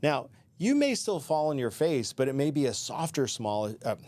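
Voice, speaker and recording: A man's voice: medium pitch, big pitch swings, moderate pace, darkish tone. A middle-aged man hosting a career advice talk, speaking conversationally with asides and restarts. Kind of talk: solo advice talk to camera.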